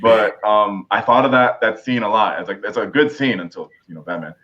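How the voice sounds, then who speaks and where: A man co-hosting a casual podcast, rambling and excitable, filling his talk with "like". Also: lowish voice, brisk, muffled recording. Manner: rambling, lots of "like" fillers, excitable. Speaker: podcast co-host. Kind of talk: casual pop-culture discussion.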